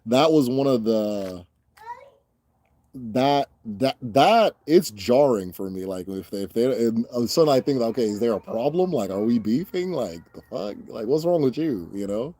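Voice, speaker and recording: A man's voice: medium pitch, lively intonation, normal speed, mellow. Loose, profane young man chatting. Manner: loose, profane, laughing, mimics voices. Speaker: host answering viewer questions. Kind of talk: casual Q&A chat.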